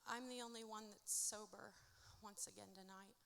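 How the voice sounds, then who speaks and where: A woman performing her own spoken-word poetry at a live event, with a rhythmic, dramatic delivery that swings from hushed to loud. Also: medium pitch, fairly even intonation, moderate pace, vocal fry, a little hiss or hum. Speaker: author reading her own work. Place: indoor music venue at a live event. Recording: reverberant live venue recording.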